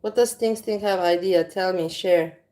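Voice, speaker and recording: Recorded on a phone in her home kitchen, a woman livestreams to viewers, chatting casually, speaking frankly and rambling as she goes. Her voice sits on the low side, dark in tone, at a moderate pace.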